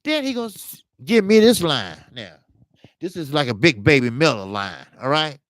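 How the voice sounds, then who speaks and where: A man's voice: on the high side, big pitch swings, moderate pace, fairly bright tone, no room sound. A man hosting a boxing talk show, telling rambling stories full of profanity and scolding fighters. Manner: emphatic, scolding rants. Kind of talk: casual commentary monologue.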